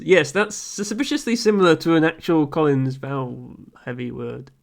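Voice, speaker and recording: With a slightly high voice and some vocal fry, a man streams a word game at normal speed. Casual and drily amused, he reasons aloud to his viewers, dropping ums and gentle chuckles.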